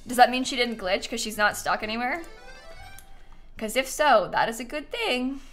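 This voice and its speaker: A woman's voice: fairly high pitch, animated, moderate pace, fairly bright tone, soft background music. A young woman streaming a video game live, chatting casually and reading quest text aloud. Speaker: gaming streamer.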